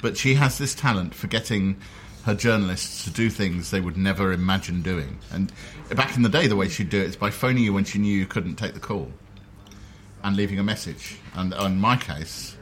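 A man's voice: low-pitched, normal speed, a little hiss or hum. A man hosting a casual chat over a restaurant meal, telling wry, self-deprecating stories. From London. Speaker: host. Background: cutlery and dishes clattering.

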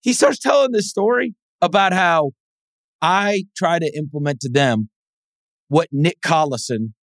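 A man co-hosting a sports podcast, telling stories in a casual, animated way and dropping into high mimicking voices. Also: unhurried, no echo, clean studio sound. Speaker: podcast co-host.

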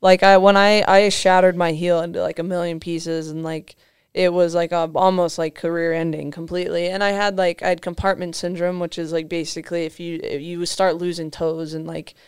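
A woman's voice: lowish voice, flat delivery, fairly quick, clean tone, dry recording, clean studio sound. A young woman, a guest on a podcast, chatting casually and telling stories, with lots of "like" fillers and frequent laughs. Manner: storytelling, heavy use of "like" fillers, laughs often. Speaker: podcast guest, motocross racer. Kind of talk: casual chat.

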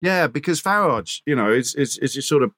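A man's voice: medium pitch, expressive, brisk, fairly bright tone, no echo. A male radio presenter, a guest on a podcast, telling stories fluently and casually with repeated small words. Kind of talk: casual interview chat.

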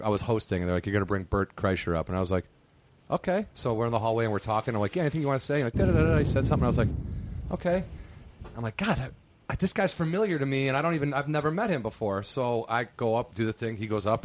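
A middle-aged man guesting on a podcast, telling a story in casual chat, lively and swearing freely as he quotes people. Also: a little hiss or hum. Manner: lively, swears freely, jumps high when quoting people.

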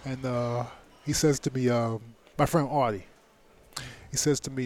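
A man's voice: medium pitch, fairly even intonation, measured pace, a little mellow. Profane, emphatic middle-aged man. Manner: profane, emphatic, many fillers. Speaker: guest, former heavyweight boxing champion. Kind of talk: candid storytelling in a podcast interview.

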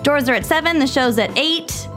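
Giggly woman co-host, a bit high, casual, faint music behind. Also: moderate pace, a bit bright. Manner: bubbly, giggly. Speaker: podcast co-host. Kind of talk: casual chat.

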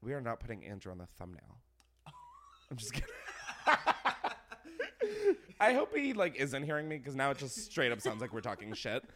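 A young man hosting a podcast, chatting casually in a gossipy, animated way, laughing often and saying "like" a lot. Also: medium pitch, quick pace, hardly any pauses, background noise. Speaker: podcast host. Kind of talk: casual chat.

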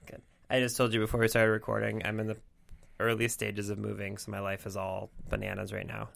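A man's voice: fairly low pitch, completely flat delivery, a little fast, gravelly, a bit bright, slight background noise. A man hosting a podcast in casual chat, rambling and self-deprecating, laughing often. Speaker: podcast host.

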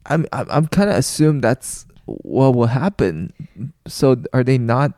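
A man's voice: medium pitch, big pitch swings, measured pace, darkish tone, no room sound. A man, the host's fiance, chiming in with short questions and dry remarks in casual chat.

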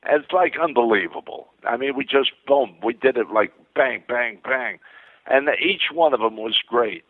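An older man telling rambling show-business anecdotes as a guest, excited and full of restarts and repeated words. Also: mid-range voice, moderate pace, no room sound. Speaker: interview guest. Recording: dry, tinny phone-like sound.

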